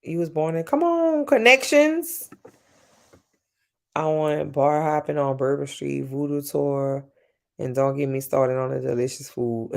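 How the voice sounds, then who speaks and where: A woman's voice: a little slow, vocal fry. Chatty Louisiana woman on a livestream. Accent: Southern US, Louisiana. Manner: chatty, swears freely, lively shifts in pitch. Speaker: livestream host. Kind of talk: casual livestream chat with viewers.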